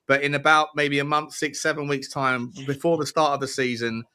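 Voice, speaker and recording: A young man hosting a livestream, energetic and rambling with restarts. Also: fairly high pitch, brisk, smooth. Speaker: livestream host. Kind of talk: casual livestream chat.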